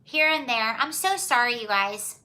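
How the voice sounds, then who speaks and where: A woman's voice: a little high, normal speed, sharp tone. A woman hosting a casual livestream, chatting, reading viewer comments aloud and answering them with giggles and apologies. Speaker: livestream host.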